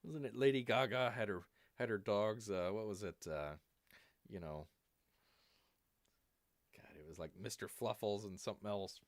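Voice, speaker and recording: A man's voice: on the low side, normal speed, pauses often, dry recording, studio quality. A man hosting a live stream who rambles through jokey asides and calls himself Bear in the third person. His voice is wearing out.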